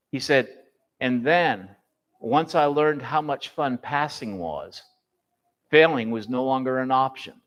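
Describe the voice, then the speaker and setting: A man's voice: mid-range voice, takes it slowly. A middle-aged man who directs a boys home, telling a folksy story to a church class and quoting the people in it. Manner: folksy anecdotal storytelling, quotes others in lively bursts.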